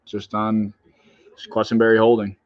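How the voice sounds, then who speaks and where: A man's voice: fairly low pitch, completely flat delivery, a little slow, dull audio. A man hosting a livestream, reacting live to a football game with exasperated, groaning fan outbursts.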